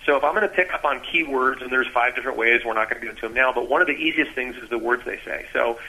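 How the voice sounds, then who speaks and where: Appearing as a radio guest, a sales trainer explains things energetically and acts out snippets of sales dialogue. His medium-pitched voice moves at a quick pace with few pauses, on a rough recording.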